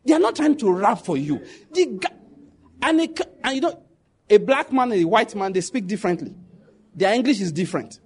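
A Nigerian man with a Nigerian accent tells stories in a loose, animated monologue. His voice sits high for a man and has a husky edge. He laughs often and drops into pidgin quotes. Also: fairly quick. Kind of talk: casual storytelling monologue.

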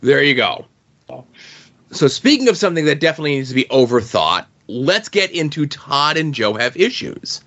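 A man's voice: on the high side, sing-song, normal speed, fairly bright tone, muffled recording. A man co-hosting a podcast, introducing a segment in an organized way and handing over to his partner. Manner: organized, segues between segments. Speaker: podcast co-host.

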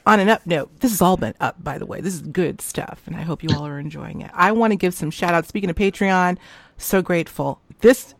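A woman's voice: on the low side, fairly quick. A woman hosting a casual chat show, effusive and emotional as she thanks her guest and supporters. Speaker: host.

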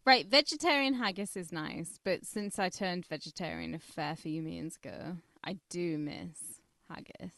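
A woman's voice: on the low side, sing-song, measured pace, fairly bright tone, no echo, studio quality. A woman co-hosting a podcast, chatting bluntly and swearing freely. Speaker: podcast co-host. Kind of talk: casual chat.

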